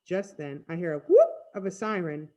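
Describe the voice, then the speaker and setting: A woman reading a storybook aloud in first person, with expressive storytelling. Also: on the low side, moderate pace. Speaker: reader. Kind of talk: read-aloud storybook narration.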